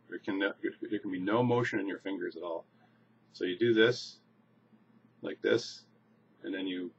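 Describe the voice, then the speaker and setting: A man casually demonstrating a coin magic trick, relaxed and restarting phrases as he shows each move. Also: lowish voice, husky. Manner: relaxed, repeats words and restarts while demonstrating. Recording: slightly dull lo-fi recording with faint noise.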